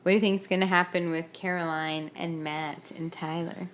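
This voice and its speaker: A woman co-hosting a podcast in casual chat, easygoing and teasing back with quick jokes. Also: fairly low pitch, fairly even intonation, fairly bright tone, slight background noise. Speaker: podcast co-host.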